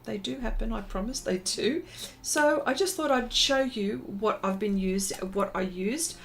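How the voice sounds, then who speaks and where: A woman's voice: on the high side, measured pace, creaky, a little hiss or hum. A woman hosting a casual art livestream, chatting in a rambling way with many fillers and greeting viewers by name.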